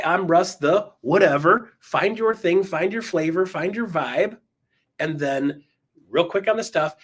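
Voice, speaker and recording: A man coaches real estate agents with an enthusiastic, emphatic motivational talk, his pitch swinging up and down. His voice has a breathy edge.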